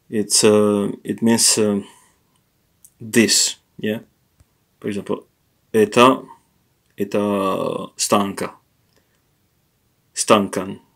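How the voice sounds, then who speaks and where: A man with a lowish voice teaches a language lesson, explaining grammar hesitantly with frequent pauses, fillers and self-corrections.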